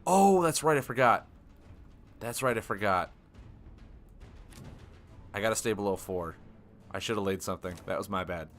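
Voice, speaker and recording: A man streaming a card game live, thinking aloud with excitable, self-deprecating commentary. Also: low voice, normal speed, pauses often, soft background music.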